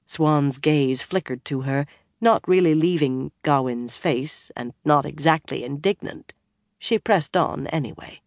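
Brief: audiobook narrator, mid pitch, steady expressive read, bone-dry studio sound. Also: measured pace, no room sound. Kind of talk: scripted fantasy narration.

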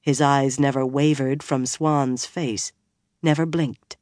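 Brief: audiobook narrator, mid pitch, steady expressive read, bone-dry studio sound. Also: slow, no echo. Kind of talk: scripted fantasy narration.

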